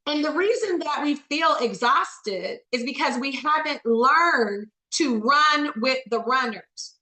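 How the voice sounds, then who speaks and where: High bright motivational coach woman, echoey. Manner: preacher-like, calls on listeners by name, rhetorical questions. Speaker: network marketing coach. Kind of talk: motivational training talk.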